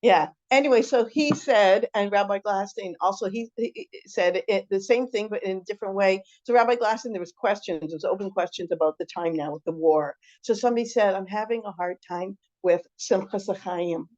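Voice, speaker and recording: Middle-aged woman, informal class teacher; rambling, animated, on a dull lo-fi recording. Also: mid-range voice, a little fast, hardly any pauses. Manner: chatty, animated, rambling with many restarts. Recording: muffled lo-fi recording.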